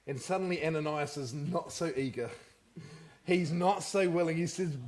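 Animated man preaching a sermon. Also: a little high, a little fast. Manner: animated, asks the congregation questions. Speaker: pastor.

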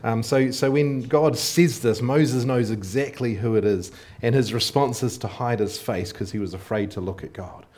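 A man's voice: mid-range voice, normal speed, few pauses, a little mellow. Conversational man preaching a sermon. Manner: conversational, asks the congregation rhetorical questions; many fillers and restarts, thinking aloud.

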